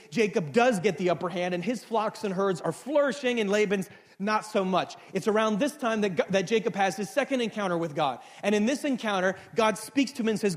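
A man preaching a sermon, retelling a story in a casual, joking way and talking straight to the congregation. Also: sits high. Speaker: pastor.

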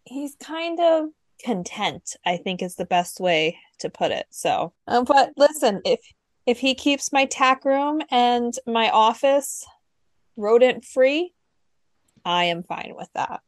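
Woman cohost chatting slow and easy, dry close sound. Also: fairly high pitch, lively intonation, dry recording. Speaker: podcast co-host. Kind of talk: casual chat.

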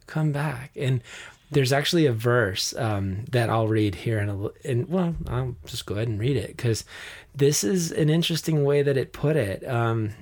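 A man's voice: medium pitch, moderate pace, darkish tone. A man in an earnest, casual faith talk, reading scripture aloud and sharing how it moves him, with frequent ums and restarts.

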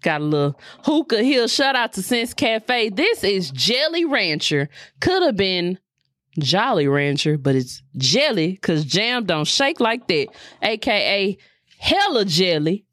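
A woman's voice: medium pitch, measured pace, dry recording. Woman on a podcast, rowdy and swearing, voice jumps all over, real dry close sound. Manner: loud, swears a lot, animated storytelling. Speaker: podcast co-host. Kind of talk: casual chat.

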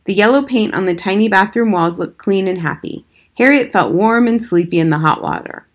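A woman reading a children's book aloud as narrator, steady and expressive. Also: mid-range voice, a little fast. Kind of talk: scripted storybook narration.

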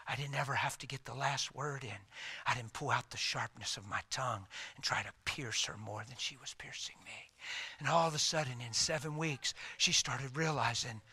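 A middle-aged man preaching a sermon, telling a personal story and swinging from loud outbursts to hushed asides. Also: medium pitch, breathy edge. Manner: animated, swings from loud to hushed, acts out quotes.

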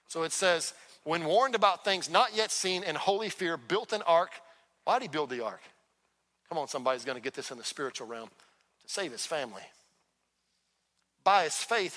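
A man preaching a sermon as a pastor in a church, talking conversationally and breaking into quick acted-out dialogues. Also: fairly high pitch, sharp tone. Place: church sanctuary. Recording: long hall reverb.

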